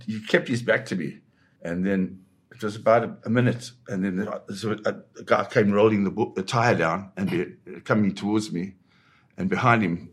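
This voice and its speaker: A man with a fairly low voice tells a tense story from his past in an interview, vividly and dramatically. He sometimes slips into voicing the people in the story. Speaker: photojournalist guest. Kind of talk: dramatic first-person storytelling.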